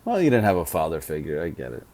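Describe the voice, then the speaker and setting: A man co-hosting a podcast, trading teasing, deadpan jabs in casual comedic chat. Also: a bass voice, quick pace. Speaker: podcast co-host.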